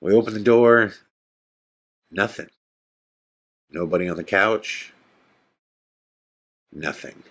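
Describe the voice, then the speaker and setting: A man hosting a podcast, telling a tense personal story in a casual, animated way and acting out the quotes. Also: slow pace, pauses often. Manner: animated storyteller, acts out quotes in a whisper and excited high voice. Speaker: podcast host.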